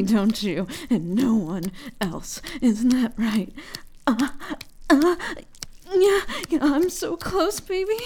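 A young woman voicing a possessive, doting girlfriend in a whispered role-play, breathy, hushed and unhurried. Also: fairly high pitch, slight background noise. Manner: breathy, hushed and intimate, slow and lingering.

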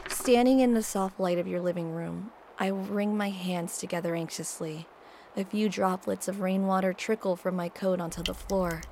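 Woman, creaky gravelly voice, soft and hushed, shaky, tearful, first-person role-play storyteller. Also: medium pitch, slight background noise.

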